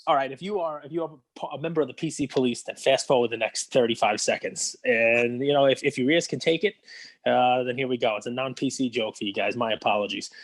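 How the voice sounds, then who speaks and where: A man's voice: mid-range voice, fast talker, dry recording. A man hosting a podcast, joking and telling a story in playful casual chat. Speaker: podcast host.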